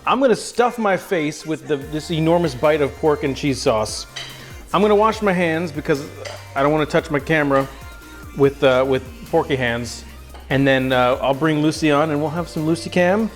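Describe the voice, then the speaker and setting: A man's voice: on the high side, moderate pace, soft background music. A man hosting a cooking livestream from his kitchen, chatting casually and self-mockingly and cooing at his dog. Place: home kitchen.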